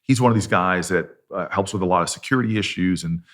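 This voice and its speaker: A middle-aged senator on a podcast tells a personal story, earnest and self-deprecating. His voice sits low with a fairly bright tone, and he speaks at a quick pace in a conversational storytelling style.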